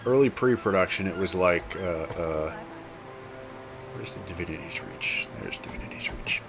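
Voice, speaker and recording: A man casually commenting while he plays a game, rambling and chatty. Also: deep voice. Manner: rambling, chatty, self-correcting. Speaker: gameplay video host.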